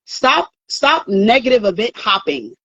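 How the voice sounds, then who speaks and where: A woman's voice: on the high side, very animated, unhurried, sharp tone, dull audio. Earnest woman giving life advice. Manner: earnest, emphatic, repeats words and restarts. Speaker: therapist host. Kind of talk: casual advice talk.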